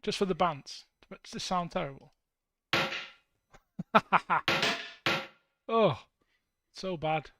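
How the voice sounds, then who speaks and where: Brief: young guy, high pitch, playful and rambling, livestream producer chatting to his audience. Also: expressive, takes it slowly, pauses often, very noisy. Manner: playful, rambling, jokey asides to chat. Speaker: band member streaming music production. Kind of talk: casual livestream chat while producing.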